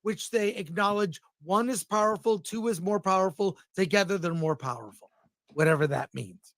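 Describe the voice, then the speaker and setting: Man, recapping episode, high voice, halting, explanatory, dry sound. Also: fairly bright tone, no echo. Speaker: podcast co-host.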